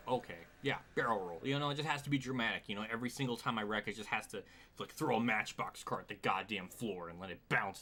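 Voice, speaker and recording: A man's voice: medium pitch, animated, fast talker, a bit bright. A man streaming a racing game live, commenting in an exasperated way, swearing often and laughing at himself. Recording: clear background noise.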